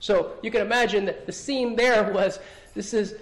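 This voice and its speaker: A man's voice: high-pitched, steady tone, moderate pace. A man preaching a sermon, earnest, often restarting his words as he speaks. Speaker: pastor.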